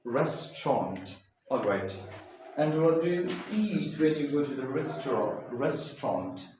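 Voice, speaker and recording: A man teaching English pronunciation, saying each word slowly and repeating it several times so the listener can copy him. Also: on the high side, animated. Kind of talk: slow, deliberate pronunciation lesson. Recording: echoey room, distant mic, faint hiss.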